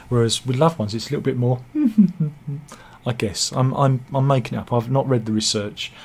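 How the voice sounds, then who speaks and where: A man's voice: mid-range voice, moderate pace, vocal fry, darkish tone, slightly rough. A man giving casual satirical news commentary, full of wry self-mocking asides and mock-dramatic quips. He talks over pictures he shows. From England.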